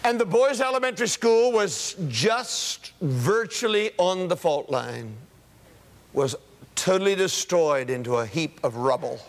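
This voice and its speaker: A man's voice: sits high, lively intonation, unhurried. A man preaching a sermon to a congregation, emphatic, building his points through repeated phrases in a rising cadence. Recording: long hall reverb.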